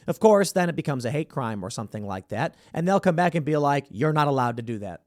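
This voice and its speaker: A man's voice: a little high, very animated, fast, hardly any pauses, no room sound, studio quality. A man hosting a commentary show, talking in a sarcastic, opinionated way and acting out the voices he quotes. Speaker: podcast host.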